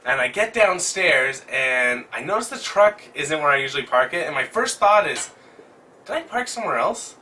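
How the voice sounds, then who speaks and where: A young man tells a story to the camera at home in an animated, excitable way. His voice sits a little high and sounds bright and forceful, picked up from some distance away from the mic. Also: normal speed, hardly any pauses. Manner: animated, excitable retelling with swearing. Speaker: vlogger. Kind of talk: casual storytelling chat.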